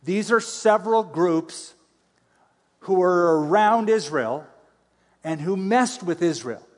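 A pastor teaching a sermon in a conversational way, with playful asides between scripture readings. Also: male voice, high voice, lively intonation, slow pace. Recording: long hall reverb.

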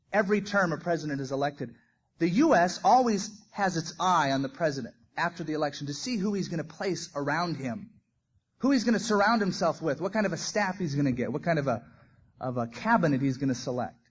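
A man's voice: on the high side, slightly rough. A man preaching a sermon, telling stories with animation and acting out the quoted lines. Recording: dull lo-fi recording.

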